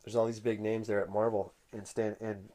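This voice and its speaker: Casual male vlogger, lowish dark voice, rambling storyteller. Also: level tone. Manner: unhurried, conversational storytelling. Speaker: comic collector vlogger.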